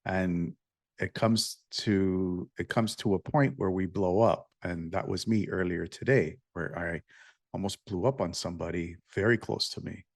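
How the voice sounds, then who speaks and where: A man with a lowish voice hosts a relaxed interview, cracking jokes and then asking thoughtful open questions. The recording is dry and close, with no room sound around him. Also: measured pace, creaky, dry recording. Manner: joking, laid-back, asks open questions. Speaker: podcast host. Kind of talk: casual interview conversation.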